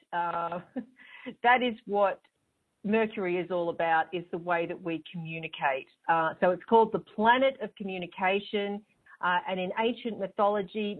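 A woman hosting an astrology show, explaining in a chatty, rambling way with a smile in her voice. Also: lowish voice. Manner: chatty, rambling, with fillers and restarts; smiling as she talks. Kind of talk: casual spoken explanation. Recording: tinny phone-line sound.

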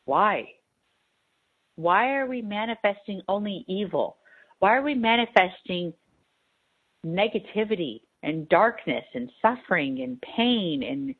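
A woman host and spiritual advisor giving an emphatic, repetitive radio talk monologue. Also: mid-range voice. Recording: tinny phone-like sound.

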